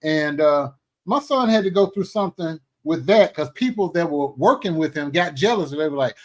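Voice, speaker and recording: A middle-aged man hosting a casual talk show, animated, exclaiming and joking as he talks. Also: on the high side, normal speed. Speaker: show host. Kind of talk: casual chat.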